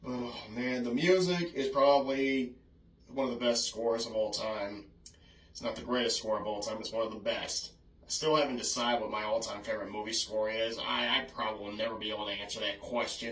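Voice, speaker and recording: A man's voice: mid-range voice, fairly bright tone. A man reviewing films in casual, rambling talk, apologetic and given to small chuckles. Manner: chatty, apologetic, frequent "oh, goodness" and chuckles. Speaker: film reviewer vlogger. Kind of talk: casual rambling film memories. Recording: echoey room, mic at a distance.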